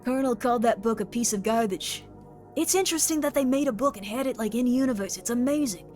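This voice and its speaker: Chatty, high-voiced woman streamer. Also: fast talker, soft background music. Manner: chatty, excitable, reads chat aloud. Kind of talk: live stream chat.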